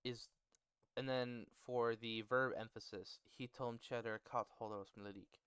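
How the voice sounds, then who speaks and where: A man's voice: medium pitch, steady tone, a little slow, a bit bright, smooth, no echo. A male streamer, close to his mic, casually explaining how to build a language to his chat and joking with them. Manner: jokey, bantering with chat, laughs often. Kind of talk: casual livestream teaching about building a language.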